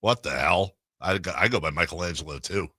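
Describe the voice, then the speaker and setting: A man's voice: low-pitched, a little fast, sharp tone, husky, no echo, clean studio sound. A man hosting a casual sports talk radio show, riffing and laughing often.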